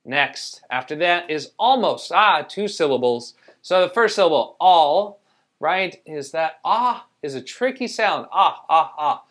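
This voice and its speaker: A man's voice: on the high side, expressive, measured pace, hardly any pauses, fairly bright tone. A man teaching a spelling lesson, patiently explaining rules and sounding out each letter. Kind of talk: spelling tutorial.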